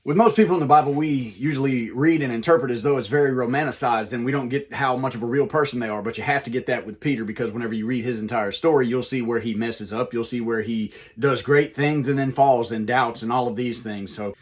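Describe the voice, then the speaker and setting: A man's voice: medium pitch, quick pace, few pauses, breathy edge. A man hosting a comedic Bible lesson, telling the story in a jokey, casual, wisecracking way. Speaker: comedic preacher, host.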